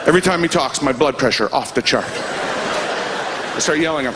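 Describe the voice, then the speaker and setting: A man doing stand-up, telling a story in an animated way and acting out voices and sound effects. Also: medium pitch, a little fast, long pauses, background noise. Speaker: stand-up comedian.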